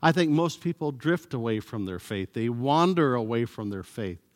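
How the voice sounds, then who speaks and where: A man preaching a sermon as pastor, slow and emphatic, sometimes acting out sarcastic voices. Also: medium pitch. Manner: animated, acts out sarcastic voices; slow, emphatic delivery with pauses. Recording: long hall reverb.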